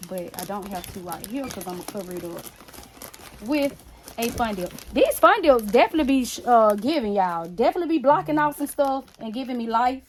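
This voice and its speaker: Woman, high voice, chatty, rambling, sassy, talks to viewers while crafting. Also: sing-song, fairly quick, a little hiss or hum. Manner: rambling, talks straight to viewers with frequent "y'all"; blunt, sassy asides. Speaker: craft vlogger. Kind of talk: casual chat while working on a basket.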